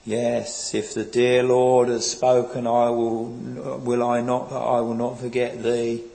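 A man preaching a sermon in a slow, earnest, pleading way, quoting old scripture. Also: mid-range voice, completely flat delivery, gravelly, warm tone, poor audio.

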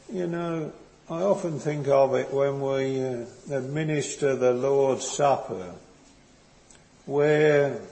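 A man preaches slowly and earnestly, his mellow, warm voice pausing and circling back over his words. His sermon rings with a long reverb, as in a large church hall. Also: mid-range voice. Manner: slow, earnest, tender preaching with hesitant restarts.

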